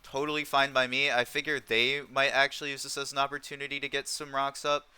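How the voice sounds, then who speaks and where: A young man narrates his competitive game match live, weighing every move aloud and filling pauses with ums. His voice is very bright and smooth, with soft music playing faintly behind him. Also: medium pitch, little pitch movement, dry recording. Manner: thinks aloud with frequent ums. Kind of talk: live gameplay commentary.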